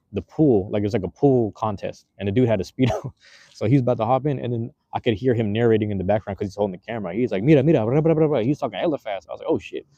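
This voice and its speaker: Streaming from a handheld phone on the street, a man with a low, mellow voice chats loosely with his viewers. He rambles in slang with many fillers and restarts, and the muffled audio carries no echo.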